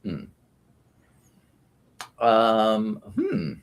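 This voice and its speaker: Male guest, slow unhurried delivery, hesitant, self-deprecating chat. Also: on the low side, wildly swooping pitch, smooth. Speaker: podcast guest. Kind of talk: casual chat.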